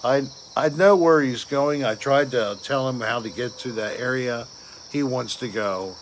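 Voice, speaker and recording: A man's voice: mid-range voice, unhurried, slight background noise. A man hosting a casual late-night livestream, rambling and answering viewer comments aloud. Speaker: livestream host reading viewer chat.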